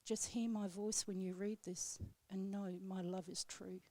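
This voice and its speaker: A woman on live radio reading her own poem aloud in a steady, measured way, then chatting with the host. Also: mid-range voice, no room sound. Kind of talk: poetry reading, then casual chat. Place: radio studio.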